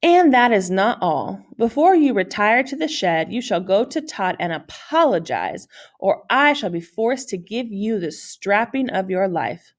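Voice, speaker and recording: A woman's voice: medium pitch, very animated, unhurried. A woman reading the part of a stern, pompous middle-aged foster mother who speaks in a haughty, formal way. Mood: threatening.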